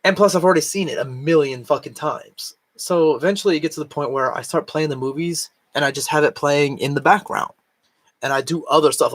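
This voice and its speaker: Brief: casual male home vlogger, slightly high voice, worn and recovering, chatty and rambling. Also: a bit bright. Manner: rambling, filler-heavy with frequent "like". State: recovering from lost voice, can't reach high notes. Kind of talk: casual chat. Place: home, cat nearby.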